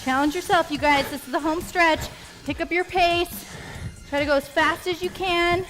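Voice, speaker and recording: A woman's voice: very high-pitched, steady tone, moderate pace, fairly bright tone, big-room sound, faint music behind. A woman leading a follow-along home workout, giving encouraging step-by-step cues. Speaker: fitness instructor.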